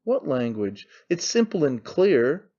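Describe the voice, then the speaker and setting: A man's voice: on the high side, very animated, takes it slowly, mellow, lo-fi sound, heavily acted. A man voicing a brash young man who mocks his father in an offhand, needling way. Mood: sneering. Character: young man, mocking, cynical, brash son.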